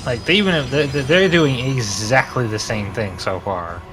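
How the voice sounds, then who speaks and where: A man co-casting a live strategy game tournament, excitable and quick to laugh. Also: mid-range voice, background noise. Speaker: esports caster. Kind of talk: casual live game commentary.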